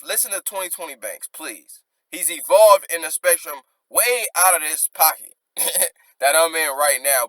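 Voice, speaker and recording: A man with a fairly high, bright, forceful voice talks through rap lyrics line by line in casual slang. He rereads each bar and then explains it. The sound is dry and close. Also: no echo. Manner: rereads lines, then unpacks them with loose slang. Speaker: rap commentator.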